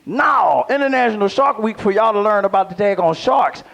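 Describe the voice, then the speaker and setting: Performing stand-up live in a small venue, a man talks at normal speed in a high, creaky voice. He engages the crowd in animated back-and-forth.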